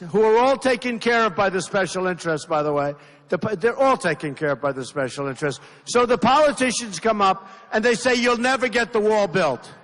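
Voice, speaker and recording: Man, 60s, rally speech, emphatic, repetitive, off-the-cuff, highish voice, reverberant hall. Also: a bit bright. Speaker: political candidate speaking at a rally. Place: large indoor rally venue. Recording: reverberant hall with faint crowd noise.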